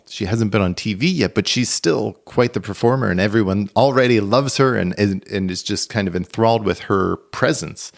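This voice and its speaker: A man's voice: fairly low pitch, gravelly. A man co-hosting a podcast in casual chat, rambling through anecdotes with many fillers. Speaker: podcast co-host.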